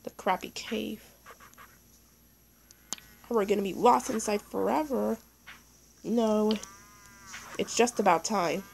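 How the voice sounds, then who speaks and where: A woman giving excitable let's play commentary, talking to the animals in her game as she plays. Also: medium pitch, slow pace, vocal fry, long pauses, a little hiss or hum, poor audio. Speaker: gaming YouTuber.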